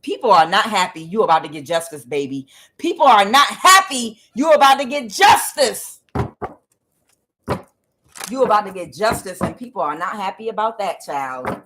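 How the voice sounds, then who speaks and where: A woman doing a tarot reading for her channel viewers, talking casually, swearing now and then and swinging between low mutters and loud excited bursts. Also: moderate pace, noisy background. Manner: swears casually, addresses viewers as guys and y'all. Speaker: tarot reader.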